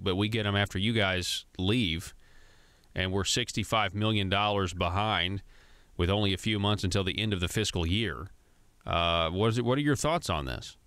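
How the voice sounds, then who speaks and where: Man, radio host, low voice, dry close studio sound, casual questions. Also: a bit bright, clean tone, no echo. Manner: casual, loose, filler-heavy questions. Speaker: radio talk show host. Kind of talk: radio interview.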